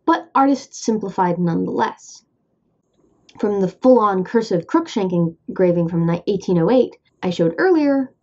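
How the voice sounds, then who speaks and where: A woman with a Midwestern American accent walks through a scripted explainer in a playful, upbeat way, tossing in little asides. Her voice sits mid-range with a warm, mellow tone, and the recording sounds slightly dull and lo-fi. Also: mid-range voice. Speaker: host.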